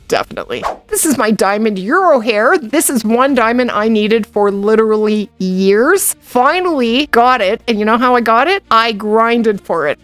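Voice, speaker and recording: Lady gamer showing off her hunting trophies, really lively up-and-down voice, bit higher pitched, faint music under it. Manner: excitable, squeals and laughs over rare finds. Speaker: gaming YouTuber. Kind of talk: trophy tour commentary with clips of past live streams.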